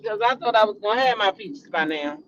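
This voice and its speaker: A middle-aged woman hosts a casual gossip chat in a mid-range, fairly bright voice with lively intonation, speaking a little fast. She talks animatedly, repeats names, and bursts into dramatic exclamations, all on a dull lo-fi recording.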